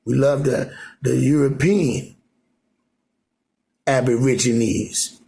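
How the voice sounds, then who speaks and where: A man with a gravelly, creaky voice rambles into his phone camera from home. His talk is loose and repetitive, full of filler phrases and restarts, at a middling pitch. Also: steady tone, slow pace, dark tone. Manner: loose, repetitive, full of "you know what I'm saying". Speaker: vlogger. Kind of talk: rambling casual monologue. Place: at home in Alaska.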